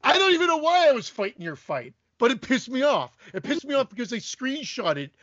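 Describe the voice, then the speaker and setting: Man, podcast co-host, profane ranting, high lively voice, dry dull sound. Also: a little fast, no echo. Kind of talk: casual chat.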